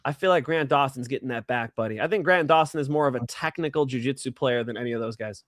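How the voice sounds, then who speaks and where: A man's voice: medium pitch, quick pace, a bit bright, no room sound, studio quality. A man co-hosting a fight betting show, talking in slangy, profane casual chat, calling his partner bro and dog.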